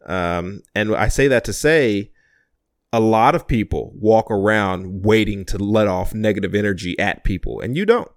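A man's voice: on the low side, moderate pace, no room sound, studio quality. A young man interviewing an older relative in a casual conversation, thoughtful and rambling as he retells stories.

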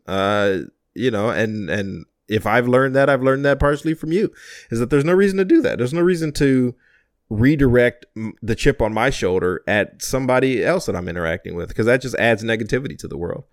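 A man's voice: medium pitch, lively intonation, a little fast, no room sound, clean studio sound. A young man interviewing an older relative in a casual conversation, thoughtful and rambling as he retells stories.

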